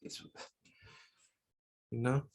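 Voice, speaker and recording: A man's voice: drawn-out words, a little mellow. A man teaching a religious Sunday school lesson, preaching with lots of rhetorical questions to his listeners.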